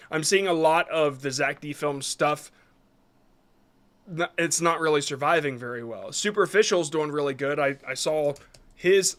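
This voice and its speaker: A man's voice: a little high, a bit bright. A man reviewing viewers' short videos on a live stream, talking casually and rambling a bit as he gives frank advice.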